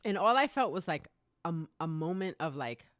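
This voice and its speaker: A woman in her late thirties spins a casual story on her podcast, laughing often and swearing freely as she acts out other people's lines. Her voice sits on the low side, and the sound is close and dry with no room around it. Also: sing-song, moderate pace, fairly bright tone, dry recording. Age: 30s. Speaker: podcast host. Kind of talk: casual anecdote telling.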